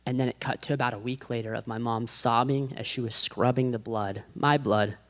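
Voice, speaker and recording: A man's voice: medium pitch, fairly even intonation, fairly quick. Rambling man sharing a testimony. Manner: rambling, self-described chaotic, with many restarts; drops to a hushed, quiet voice at heavy moments. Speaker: guest giving a testimony. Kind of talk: personal faith testimony to an audience.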